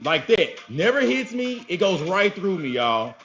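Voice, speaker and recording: A young man telling a story casually to his viewers, animated and profane, often calling them y'all. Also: sits high, unhurried, slight background noise. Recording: slightly dull lo-fi sound with faint music.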